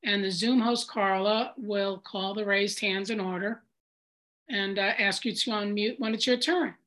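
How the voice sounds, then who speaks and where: Bright-voiced woman leading a meeting. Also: medium pitch, steady tone, unhurried, poor audio. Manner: clear, procedural, brief asides. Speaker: meeting leader. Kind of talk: reading meeting guidelines. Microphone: video call.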